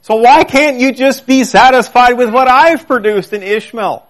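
A man's voice: extremely high pitch, moderate pace, pitched above the performer's own voice. A man voicing an aged patriarch who pleads with God in frustration, his voice raised and exasperated. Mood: exasperated pleading.

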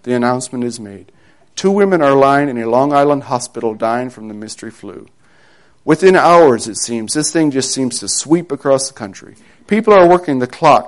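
A preacher telling a dramatic second-person story in a sermon, dropping low and quiet on grave moments. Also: male voice.

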